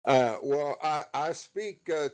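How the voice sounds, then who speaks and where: American man, a bit high, hesitant quips, casual voice chat. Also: animated, takes it slowly, a little mellow, clear, resonant tone. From United States. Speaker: voice chat participant.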